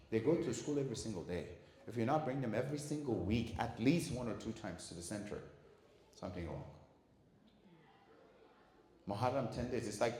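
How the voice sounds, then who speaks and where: A man giving a talk on parenting to an audience. He is lively, asks the room questions and acts out the voices of parents and children. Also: medium pitch. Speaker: lecturer at a community centre. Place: community centre hall. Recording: echoey hall.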